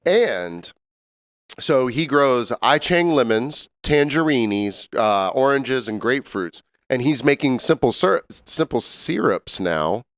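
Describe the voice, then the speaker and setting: A man, co-hosting a podcast and telling an animated, laughing story from his bartending job. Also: mid-range voice, slow, no room sound, studio quality. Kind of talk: casual storytelling chat.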